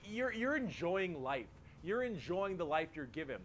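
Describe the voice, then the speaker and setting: A man with a somewhat high voice, explaining game lore in a joking, animated way. He swears freely and keeps a casual, offhand tone. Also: normal speed, a little hiss or hum. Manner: jokey, profane, animated. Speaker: lore video narrator.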